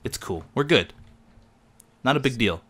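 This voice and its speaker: A man chatting casually while playing a game with a friend, excitable and quick to yelp when startled. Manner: excitable, jumps high in pitch when startled. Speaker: gamer. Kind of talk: casual gaming commentary.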